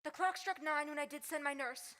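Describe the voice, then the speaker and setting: Teen girl as a lovesick young girl, high voice, begging and impatient, big echoey hall. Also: fairly quick, sharp tone. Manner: pleading, impatient. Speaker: high school stage actor. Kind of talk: school stage play. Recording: school hall reverb.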